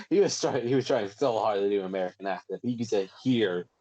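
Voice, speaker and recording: Excitable low-voiced man chiming in. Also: quick pace, no room sound, dull audio. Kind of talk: casual chat.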